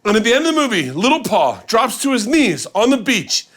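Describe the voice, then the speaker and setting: A man hosting a casual kitchen chat, telling a road story with lively quoted voices. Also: sits high. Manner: animated storyteller doing quick quoted voices. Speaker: host.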